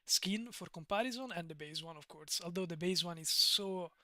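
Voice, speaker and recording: A man's voice: high-pitched, normal speed, pushed and bright, no echo, studio quality. Giggly man with an Italian accent. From Italy. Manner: giggly, rambling, often digresses. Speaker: streamer. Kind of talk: casual live-stream chat.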